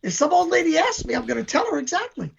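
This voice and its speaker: A man's voice: extremely high pitch, big pitch swings, quick pace, gravelly. An older man, chatting as an interview guest and telling long boastful stories in a rambling way. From New York. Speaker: band member, guest. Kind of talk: casual chat. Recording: dull lo-fi recording.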